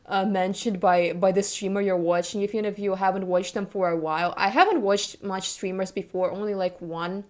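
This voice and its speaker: A young woman chatting to her live stream audience in a loose, rambling way. She giggles often, trails off and restarts her sentences while she talks. Her voice sits at an ordinary pitch for a woman. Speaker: VTuber streamer. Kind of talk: casual chat with live stream viewers.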